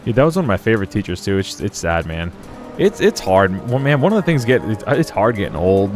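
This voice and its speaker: A man's voice: lowish voice, very animated, fairly quick, soft background music. A young man chatting loosely while playing a video game, rambling through stories and laughing often. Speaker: gaming streamer. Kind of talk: casual let's play commentary.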